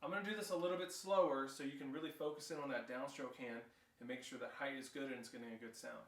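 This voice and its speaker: A man's voice: medium pitch, fairly even intonation, fast talker. Man drumline instructor in echoey room. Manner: counts rhythms aloud loudly between explanations. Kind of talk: instructional demonstration. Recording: roomy echo, distant mic, loud clatter.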